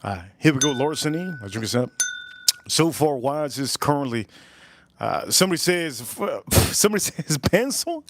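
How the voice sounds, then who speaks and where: A man hosting a whiskey livestream, reading chat comments aloud with crude jokes and rambling asides. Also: a little fast. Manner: animated pitch swings, pitch jumps up when exclaiming. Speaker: livestream host reviewing whiskey.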